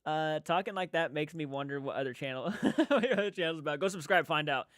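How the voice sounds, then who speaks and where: Loud, upbeat man chatting on a live stream. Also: on the high side, lively intonation, fast talker, no echo. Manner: swears casually. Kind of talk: casual live-stream chat with viewers.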